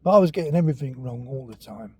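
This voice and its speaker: A man's voice: medium pitch, animated, fast talker, dark tone, husky. An older man, telling childhood stories in a rambling, chatty way and sometimes dropping almost to a whisper. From England. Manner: rambling and chatty, drops to near whispers at times. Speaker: walking vlog host telling childhood stories. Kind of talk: casual storytelling.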